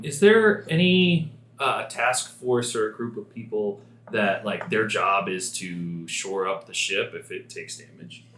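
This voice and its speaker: A player at a tabletop game who talks hesitantly and stumbles through lots of fillers. His voice is fairly low and echoes around a roomy space. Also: fairly bright tone. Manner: hesitant, many uhs and ums.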